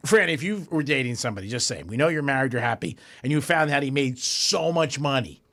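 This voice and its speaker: A man hosting a radio talk show in a studio, ranting in an animated, exasperated way. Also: mid-range voice, quick pace.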